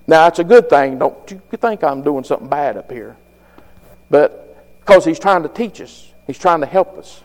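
A man preaching a fervent, folksy sermon, rising louder and higher on key phrases. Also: lively intonation, fairly quick. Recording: long hall reverb.

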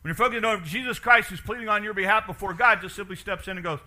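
A man preaching a sermon as pastor, animated and asking his congregation questions, dropping quiet for emphasis. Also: high-pitched, fast talker.

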